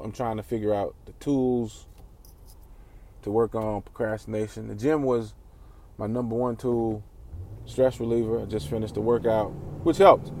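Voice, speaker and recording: A man's voice: medium pitch, dark tone. A man vlogging candidly about his feelings, rambling, swearing, and often restarting his sentences. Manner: rambling, profane, restarts a lot. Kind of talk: candid personal vlog.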